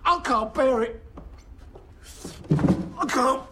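A man's voice: very high voice, very slow, sharp tone, breathy edge, pitched above the performer's own voice, exaggerated voice, poor audio. A man doing a distraught, swearing husband. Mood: anguished. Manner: swearing, rambling, self-pitying. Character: heartbroken middle-aged husband, crude, distraught.

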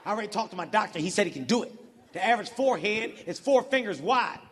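A man in his forties doing a loud, profane stand-up comedy set, swooping in pitch and shouting his punchlines. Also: animated, fast. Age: 40s. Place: large arena stage. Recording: big hall with crowd and laughter.

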